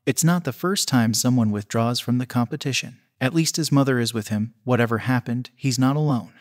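Friendly teacher guy calming his buddy down, guy reading, mid pitch. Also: brisk, natural voice. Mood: reassuring. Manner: gentle, reassuring. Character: friendly loud male teacher, reassuring.

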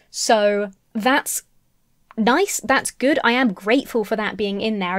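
A woman's voice: mid-range voice, dry recording, studio quality. Blunt, sarcastic young British woman. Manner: blunt, sarcastic, swears, laughs often. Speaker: video commentator. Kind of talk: casual commentary to camera.

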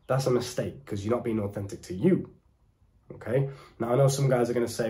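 Emphatic young British man, mellow voice. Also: mid-range voice. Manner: emphatic, deliberate, preachy. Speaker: dating coach. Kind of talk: direct-to-camera advice talk.

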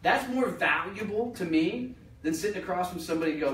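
In a meeting room, a motivational speaker with a high, sing-song voice talks fairly quickly to a business audience, blunt and joking, swearing casually. The recording has slight background noise and a roomy echo from far off.

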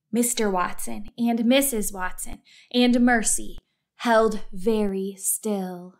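Slow, expressive woman storyteller. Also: medium pitch. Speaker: story reader. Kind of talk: children's storybook read-aloud.

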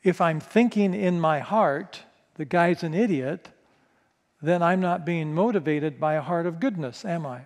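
A male pastor telling a candid, self-mocking story in a sermon, stumbling over quick restarts. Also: a little high. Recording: long reverb of a large hall.

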